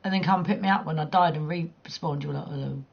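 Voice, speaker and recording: Woman, gaming livestream chat, gravelly fry, teasing and blunt, dull lo-fi mic. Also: low-pitched, fairly even intonation, quick pace. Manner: blunt, teasing, swears freely, laughs often. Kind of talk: casual chat while gaming.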